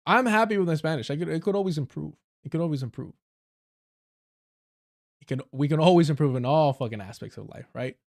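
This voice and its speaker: A man's voice: a little high, fairly quick, creaky, pauses often. A man from Southern California with a Southern Californian accent, giving blunt, heavily profane casual commentary as a livestream host. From Southern California, United States. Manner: blunt and profane, with frequent swearing and laughing asides.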